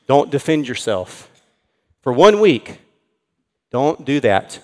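A man preaching an earnest sermon in a church, slowing down to stress key words. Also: on the high side, sing-song, darkish tone, long reverb tail. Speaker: pastor.

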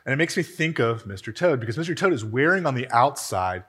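A man preaching a sermon in a church, telling a story in an animated, conversational way. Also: mid-range voice, fast talker, husky. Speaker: pastor. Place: church hall.

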